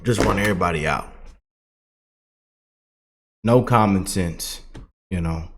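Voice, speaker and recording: Excitable man doing political commentary. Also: low-pitched, takes it slowly, gravelly. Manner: animated, excitable, mocking.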